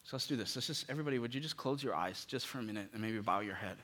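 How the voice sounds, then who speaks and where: A man preaching a sermon as pastor, pleading with his listeners and dropping from loud bursts to hushed tones. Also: mid-range voice, racing.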